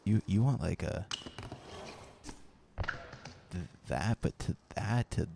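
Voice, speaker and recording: A man's voice: fairly low pitch, takes it slowly, gravelly, noisy background. A man casually chatting with live viewers while playing a BMX video game, rambling and reading the chat aloud.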